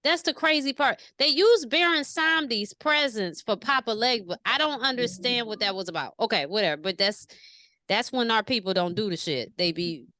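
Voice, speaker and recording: A woman chatting casually in an interview, telling stories in an animated, slangy way and asking questions. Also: a little high, moderate pace, dry recording, studio quality. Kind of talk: casual conversation.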